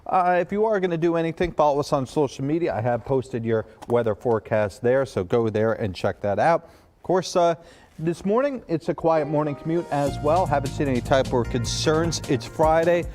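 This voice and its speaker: A man's voice: fairly high pitch, animated, normal speed, a little mellow, soft background music. A man giving a morning TV weather forecast in a chatty, conversational way. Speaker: meteorologist.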